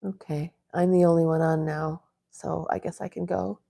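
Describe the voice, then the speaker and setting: A woman hosting a casual livestream from home, chatting in a relaxed way and talking to her dogs now and then. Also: lowish voice, moderate pace, vocal fry. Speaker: livestream host. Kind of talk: casual live-stream chat.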